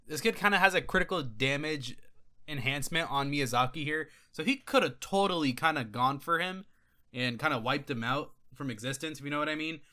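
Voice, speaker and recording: A man hosting a gaming video, giving casual commentary over a clip. He is excitable, swears freely, and laughs and restarts often. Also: on the high side, fairly quick.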